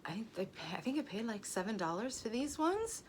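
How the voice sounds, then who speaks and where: A woman's voice: on the high side, sing-song, fairly quick, noisy background. A middle-aged woman, a nurse, chatting casually to camera in a blunt, profane, joking way. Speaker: ER nurse vlogger. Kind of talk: casual vlog chat.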